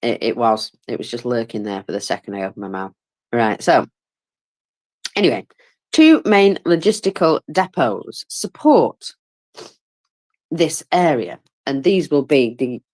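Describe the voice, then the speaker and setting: A woman's voice: extremely low pitch, lively intonation, unhurried, darkish tone. A tired, yawning woman gives casual live commentary on a war, chatty and informal, with many fillers and wry, self-mocking asides.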